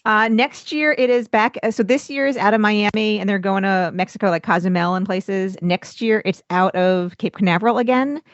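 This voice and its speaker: A woman's voice: medium pitch, normal speed, few pauses, no room sound. Woman host, dry and muffled. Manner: easygoing, brief affirmations. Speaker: podcast host. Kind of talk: casual chat.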